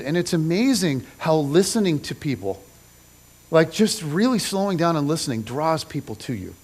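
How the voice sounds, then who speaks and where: A middle-aged man preaching a sermon in a casual, conversational storytelling style, acting out the people in his story with lively slang. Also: fairly high pitch. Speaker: pastor. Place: church stage.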